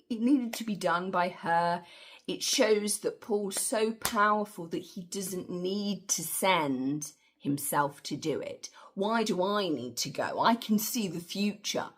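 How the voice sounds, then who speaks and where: Husky, opinionated woman film reviewer. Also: medium pitch. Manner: chatty, opinionated, slangy asides. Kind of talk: casual film review monologue.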